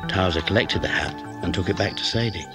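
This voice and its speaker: A man narrating a children's storybook in a gentle, expressive way. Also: low voice, brisk. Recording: music behind.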